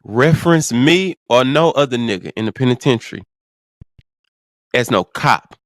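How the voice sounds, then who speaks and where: A man's voice: mid-range voice, expressive, moderate pace, dry recording, studio quality, pitched below the performer's own voice, lightly acted. A man retelling the words of a stern, towering male prison mentor, with blunt, profane commands in his own everyday voice.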